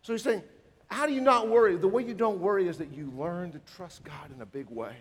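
A man preaching a sermon as a pastor, emphatic and animated, acting out bits of dialogue. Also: high voice, a little fast, breathy edge. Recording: reverberant hall.

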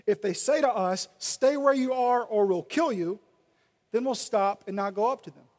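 A male pastor preaching a sermon and reading scripture aloud, swinging between loud and soft delivery. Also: sits high, moderate pace. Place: church sanctuary. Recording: long reverb of a large hall.

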